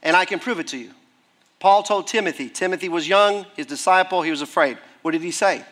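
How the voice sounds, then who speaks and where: High-voiced, bright animated male preacher. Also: brisk. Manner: animated, acts out scripture voices. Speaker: preacher, school head and therapist. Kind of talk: sermon.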